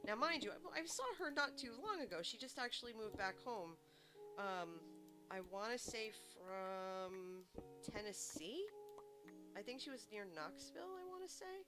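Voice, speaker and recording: A woman game streamer chatting casually to her viewers and telling stories in an animated way. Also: a little high, moderate pace. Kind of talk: casual chat. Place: home streaming setup. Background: background music.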